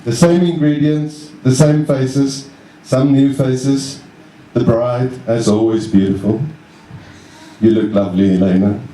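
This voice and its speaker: A young man giving a best man's wedding speech, halting and self-deprecating, chuckling along with his own jokes. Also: medium pitch, fairly even intonation, warm tone, slight background noise. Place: wedding reception room. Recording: roomy echo, mic at a distance.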